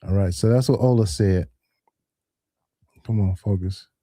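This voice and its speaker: A man's voice: lowish voice, a little slow, dry recording, studio quality. A man hosting a call-in livestream, casually retelling an exchange of text messages to his viewers. He keeps asking them to agree and acts out each quote. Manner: animated, acts out quoted texts; talks straight to viewers, asks for agreement. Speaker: call-in show host.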